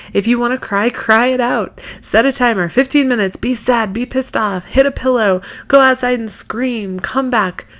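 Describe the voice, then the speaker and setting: A woman in her thirties hosting a solo podcast, talking frankly and earnestly, swearing casually and laughing easily. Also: mid-range voice. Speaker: podcast host. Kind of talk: candid solo podcast monologue.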